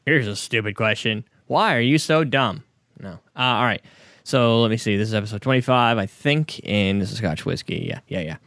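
A man's voice: fairly low pitch, fairly quick, fairly bright tone, no echo, clean studio sound. A man hosting a casual podcast, talking in a loose, profane, joking way. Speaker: podcast host.

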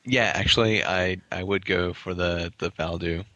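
A man with a low, bright and forceful voice, chatting casually and breaking into laughter a lot. He often trails off and restarts. The sound is dry and close. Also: steady tone, moderate pace, dry recording. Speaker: podcast co-host reviewing beer. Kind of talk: casual chat.

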